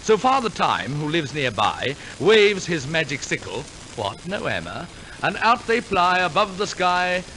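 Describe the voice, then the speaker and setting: A man's voice: a little high, sing-song, unhurried, pushed and bright, a little hiss or hum, poor audio. A man announcing and narrating a 1940s radio musical, telling the story theatrically with wry asides. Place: radio studio.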